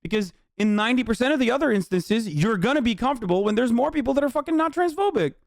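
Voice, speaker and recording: A man's voice: very high-pitched, animated, fast, no room sound, studio quality. A male livestreamer ranting heatedly and profanely at his chat.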